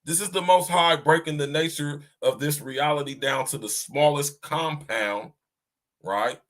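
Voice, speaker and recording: A man hosts a podcast alone and talks to his listeners in a loose, conversational monologue about faith. His voice is bright and forward. He checks in with "right?" again and again, and he repeats himself and restarts his sentences as he goes. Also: fairly high pitch, unhurried. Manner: talks to listeners directly, often asks "right?"; restarts and repeats himself while searching for words. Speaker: podcast host. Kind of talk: casual spiritual monologue.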